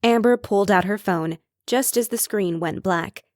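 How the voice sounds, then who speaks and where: A woman's voice: mid-range voice, moderate pace, darkish tone, no room sound, clean studio sound. Woman narrating a mystery audiobook. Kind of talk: scripted narration.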